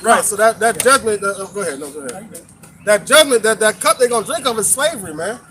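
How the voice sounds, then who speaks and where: A man leading a casual religious discussion, talking in animated, repetitive street slang and cueing others to read. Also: high-pitched, fast, slight background noise. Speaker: discussion leader.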